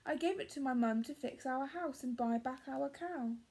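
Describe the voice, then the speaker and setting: A woman's voice: sits high, moderate pace, warm tone, breathy edge. A woman doing a scruffy, cheeky young boy. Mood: boyish.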